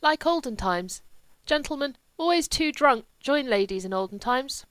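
A woman's voice: sits high, animated, normal speed, a bit bright, no echo, pitched above the performer's own voice. Woman playing a drunk young man, thick and slurred, audiobook. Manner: slurred, heavy. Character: drunk young nobleman, heavy and bitter.

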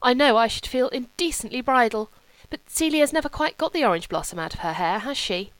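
A woman's voice: on the high side, animated, brisk, fairly bright tone, no room sound, voice pushed up, poor audio. A woman reading a novel, voicing a gossipy society Englishwoman who speaks in an affected, effusive way.

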